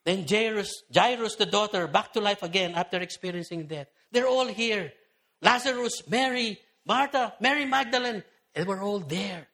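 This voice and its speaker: A man preaches a sermon with a high, bright voice. He tells the story animatedly and acts out the voices of crowd members. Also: normal speed. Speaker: pastor.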